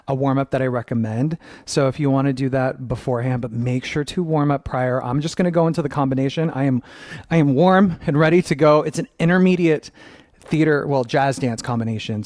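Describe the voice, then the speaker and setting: A man's voice: mid-range voice, darkish tone, no room sound, clean studio sound. Upbeat male dance teacher counting steps. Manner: upbeat, counts steps aloud and scats rhythms. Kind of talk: dance tutorial instruction. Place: dancing at home.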